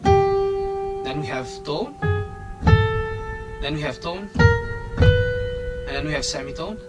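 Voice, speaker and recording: A man's voice: a little high, slow pace. A man giving a keyboard lesson, explaining step by step in slightly non-native English and often checking in with "okay?". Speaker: music teacher. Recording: distant mic with loud piano.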